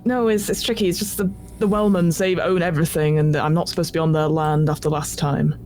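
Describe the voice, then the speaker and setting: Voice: flat delivery, fast, darkish tone, slight background noise, close to an everyday voice. The game master voicing a flustered male hunter with a British accent, stammering and apologetic. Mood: nervous. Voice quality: stammering, apologetic, higher than own voice.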